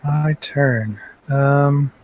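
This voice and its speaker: A man's voice: mid-range voice, phone-quality sound, a little hiss or hum. A man playing a tabletop game, hesitant and a little bashful as he reads his turn. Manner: slow, hesitant, bashful laughs. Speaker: player. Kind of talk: casual tabletop play.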